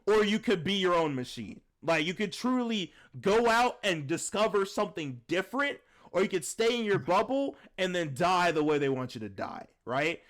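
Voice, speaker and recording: A young man talks through a film with a co-host in loose, slangy bursts, leaning on "like" and restarting his sentences as he gets excited. His voice sits high and swings widely in pitch. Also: moderate pace, hardly any pauses. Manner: rambling, heavy use of "like", slangy, excitable. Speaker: podcast co-host reviewing a film. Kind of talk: casual chat.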